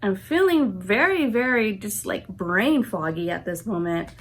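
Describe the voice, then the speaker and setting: A woman's voice: medium pitch, animated, unhurried, hardly any pauses. Chatty vlogger woman, sick and congested. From California, USA. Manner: chatty, retells scenes with "I'm like" and quoted reactions. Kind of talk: casual storytelling to camera.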